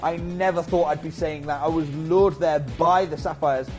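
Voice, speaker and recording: A man presenting a live shopping channel, chatty and energetic with off-script asides. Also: on the high side, moderate pace, music in the background.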